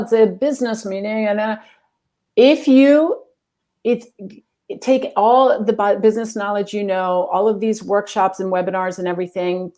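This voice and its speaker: A woman executive coach speaks as an interview guest in a mid-range voice. She talks quickly and earnestly, with a spiritual, heartfelt manner. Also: mid-range voice, warm tone. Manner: earnest, fast-talking, spiritual. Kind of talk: interview answers.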